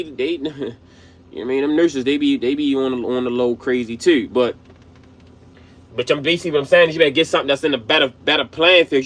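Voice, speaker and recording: A man's voice: medium pitch, fairly bright tone. A man giving a loose, slangy commentary rant full of restarts. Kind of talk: casual commentary.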